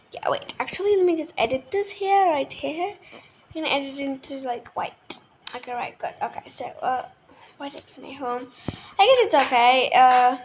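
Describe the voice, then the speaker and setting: A woman chatting casually at home as she plays a game, excitable, with hushed whispered asides. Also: high-pitched, a little hiss or hum. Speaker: gaming video creator. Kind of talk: casual gameplay commentary.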